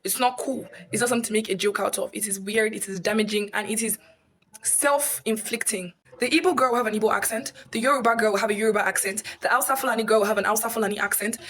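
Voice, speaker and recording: A woman's voice: fairly high pitch, fast talker, fairly bright tone, a little hiss or hum. A woman, giving emphatic, explanatory social commentary to camera. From Nigeria. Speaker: video creator.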